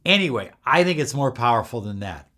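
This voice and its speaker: A middle-aged man calmly demonstrating and explaining a spiritual ritual step by step, sometimes dropping to a soft, hushed voice. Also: medium pitch. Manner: calm, measured, drops to a soft near-whisper while demonstrating. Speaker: spiritual teacher.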